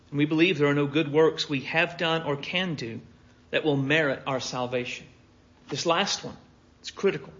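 Man preaching on dull lo-fi audio. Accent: American. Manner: earnest preaching, swinging from loud emphasis to low quiet asides. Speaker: pastor. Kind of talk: sermon.

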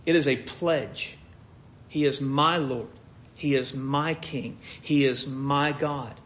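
An American man preaching a sermon with earnest emphasis that swings between loud stresses and quiet low asides. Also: steady tone, slow pace. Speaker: pastor. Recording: dull lo-fi sermon audio.

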